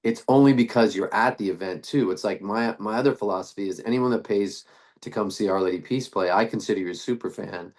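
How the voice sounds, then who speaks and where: A man's voice: fairly low pitch, fairly quick, darkish tone. A middle-aged man, a band frontman, talking casually in an interview, rambling with restarts and fillers. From Canada.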